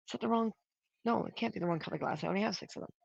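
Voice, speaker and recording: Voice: mid-range voice, racing, vocal fry, slightly rough, no room sound. Crafter rambling on a dull livestream. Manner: rambling, thinks aloud and counts costs out loud. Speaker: prop maker hosting a livestream. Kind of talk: casual livestream chat while crafting.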